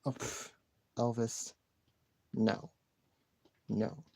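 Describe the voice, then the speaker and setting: A man's voice: mid-range voice, completely flat delivery, drawn-out words, gravelly, a little mellow, no room sound. A man chatting casually on a live stream, rambling and repeating himself with sighs and restarts.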